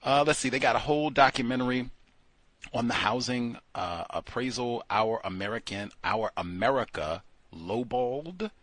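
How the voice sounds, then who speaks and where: A man hosting a call-in show, talking casually and jokingly, swinging between loud exclamations and low mutters. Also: expressive, normal speed, no echo. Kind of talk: casual monologue.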